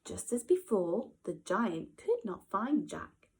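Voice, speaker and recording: Slow, expressive nursery teacher woman. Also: medium pitch, a little hiss or hum, poor audio. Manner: expressive, with gasps and hushed whispers. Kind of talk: reading a storybook to young children.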